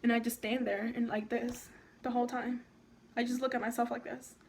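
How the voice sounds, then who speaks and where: A young woman vlogging at home, chatting excitedly and rambling through a makeup tutorial with lots of likes and ums. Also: fairly high pitch, fairly quick.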